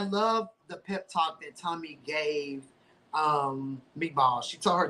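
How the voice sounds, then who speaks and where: A man hosting a podcast, recapping a reality show in casual slangy chat with lively swings in pitch and playful sound effects. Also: slow. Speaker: podcast host.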